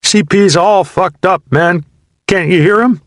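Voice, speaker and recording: A man's voice: a little slow, no echo, clean studio sound. A man reading aloud voices a young male Marine who has been shot and is crying out in pain, panicked and pleading. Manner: pleading, panicked high cries.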